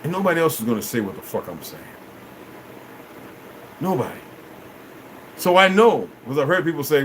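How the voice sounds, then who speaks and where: A man ranting on a livestream, cursing a lot and swinging between loud outbursts and low mutters. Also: very animated, normal speed, pauses often, a little hiss or hum, poor audio. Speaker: livestream host. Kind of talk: rambling livestream rant.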